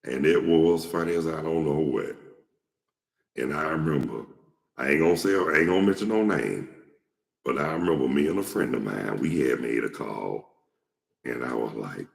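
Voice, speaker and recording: Very deep gravelly man, echoey room. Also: animated, normal speed. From Atlanta, Georgia. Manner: rambling, blunt, profane anecdotes. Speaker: show host. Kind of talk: casual storytelling monologue. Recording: echoey room with long reverb.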